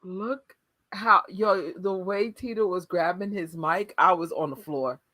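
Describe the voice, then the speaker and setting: A woman co-hosting a live watch party, reacting in an animated casual way. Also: lowish voice, measured pace. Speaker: livestream co-host.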